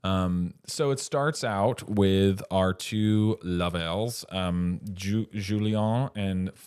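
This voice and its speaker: Rambling low-voiced man chatting about a film. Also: drawn-out words, a little mellow, smooth, no room sound, clean studio sound. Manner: rambling, self-interrupting, chuckling asides. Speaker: podcast co-host. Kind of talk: casual film discussion.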